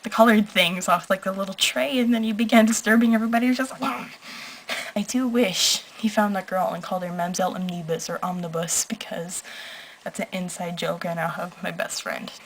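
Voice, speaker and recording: A woman's voice: on the low side, steady tone, quick pace, a little hiss or hum, rough recording. A young woman talking into her camera at home at night, gushing and emotional, rambling with lots of "like"s. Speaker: vlogger. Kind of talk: late-night vlog rant.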